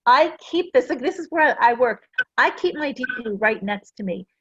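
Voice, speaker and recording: A woman's voice: fairly high pitch, animated, moderate pace, a bit bright, breathy edge, no room sound, muffled recording. A middle-aged woman giving a casual, earnest talk to a class, full of personal stories. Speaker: essential oils presenter.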